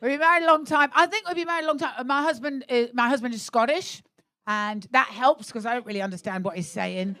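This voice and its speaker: On stage at a comedy club, a middle-aged woman works the crowd live, bluntly mocking audience members' relationships and swearing freely. Her voice is slightly high, fast, pushed and bright.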